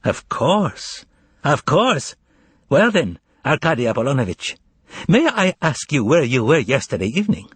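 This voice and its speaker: A man's voice: medium pitch, big pitch swings, measured pace, breathy edge, dry recording, exaggerated voice. A man voicing a sly, mocking male magician's assistant who talks in a mock-polite, teasing way.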